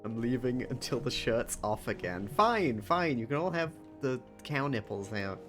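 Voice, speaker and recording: A chatty, playful streamer whose pitch swings widely as they talk. They chat casually over a game, with music playing clearly behind them. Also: big pitch swings, normal speed. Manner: playful, chatty, laughs often. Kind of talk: casual chat while gaming. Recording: background music.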